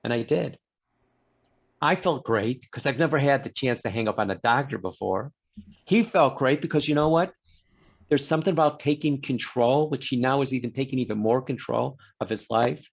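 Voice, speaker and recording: A man's voice: mid-range voice, moderate pace, vocal fry, muffled recording. A man, a guest in a conversation, telling a story and acting out the quoted exchanges. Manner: animated storyteller who voices quoted exchanges.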